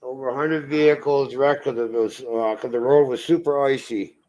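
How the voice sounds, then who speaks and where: A man's voice: medium pitch, steady tone, normal speed, darkish tone, low-quality recording. A middle-aged man hosting a casual livestream, talking in a plainspoken, folksy way. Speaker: livestream host.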